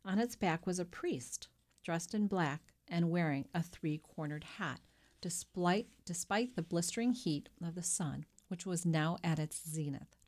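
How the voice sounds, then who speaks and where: A woman narrating a classic novel as an audiobook, with measured, expressive storytelling. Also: fairly low pitch.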